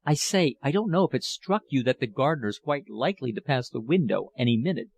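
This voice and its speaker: A man's voice: medium pitch, expressive, brisk, vocal fry, a little mellow. A man doing an awkward young Englishman. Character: self-conscious, slightly priggish young Englishman.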